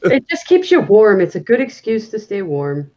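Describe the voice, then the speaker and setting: A man chimes into livestream banter in a matter-of-fact way, stammering as he restarts his sentences. His voice is high for a man. His mic sounds dull and lo-fi. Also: very animated, normal speed, mellow.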